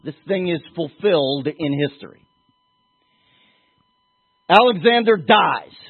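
Husky older man teaching scripture. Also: a little high, expressive, slow. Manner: conversational, digressive and emphatic. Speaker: Bible teacher. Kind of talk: verse-by-verse Bible lecture. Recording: tinny phone-like sound.

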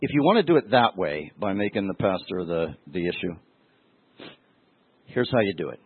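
Husky-voiced man preaching over a tinny line. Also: sits low, sing-song, moderate pace. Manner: emotional, storytelling, addresses listeners directly. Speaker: pastor. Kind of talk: conversational sermon. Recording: tinny, phone-like dry sound.

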